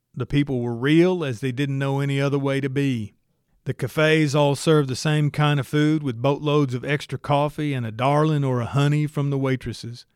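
Male narrator, first person, wry and dry, mid pitch, very dry recording. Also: darkish tone, clean tone, no echo. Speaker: audiobook narrator.

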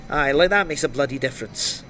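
A man's voice: medium pitch, a little fast, pushed and bright, slight background noise, close to an everyday voice. A man voicing a scared, sarcastic young male informant who swears and complains in agitation. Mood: panicked.

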